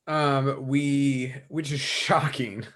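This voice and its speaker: A male podcast co-host chats casually about tabletop wargaming. He rambles in an animated way, circling back and restarting. He swears casually along the way. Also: mid-range voice, drawn-out words.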